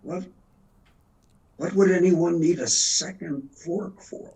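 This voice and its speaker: A man's voice: high-pitched, slow pace, creaky, a little mellow, breathy edge, poor audio. A man in his seventies, an actor telling rambling, self-deprecating anecdotes in an interview. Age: 70s. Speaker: actor and guest. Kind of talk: storytelling interview.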